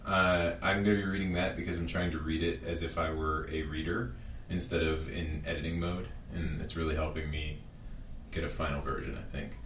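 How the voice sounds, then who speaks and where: A man's voice: extremely low pitch, level tone, fairly quick, a bit bright, far from the mic. A man speaking as a guest author in a casual chat, hesitant with many fillers. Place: separate room. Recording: roomy, off-mic with faint hum.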